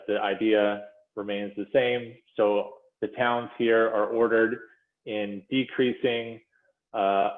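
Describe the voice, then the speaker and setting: A man presenting figures to a commission in a measured, explanatory way, with frequent fillers and self-corrections, speaking over a video call. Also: fairly low pitch. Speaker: presenter to a school funding commission. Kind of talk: policy presentation walking through slides. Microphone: video call audio. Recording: phone-like echoey video call audio.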